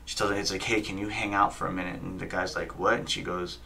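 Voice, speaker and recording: A man in his thirties, a podcast guest, telling a story in quick, profane casual chat and acting out the quotes. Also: low voice, flat delivery, vocal fry, pushed and bright. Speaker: guest, fighter and coach. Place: podcast studio.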